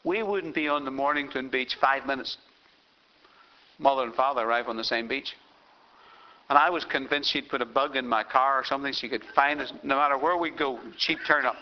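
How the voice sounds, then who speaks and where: A man's voice: medium pitch, brisk, a little hiss or hum. An older man preaching a sermon as pastor, telling a story and reading scripture aloud with emphasis. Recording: dull lo-fi sound.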